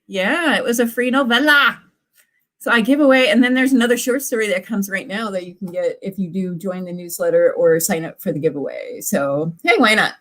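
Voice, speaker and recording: A woman's voice: medium pitch, brisk, a bit bright. A woman, an author hosting live writing sprints and chatting casually with viewers in a bubbly, gushing way. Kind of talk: casual livestream chat.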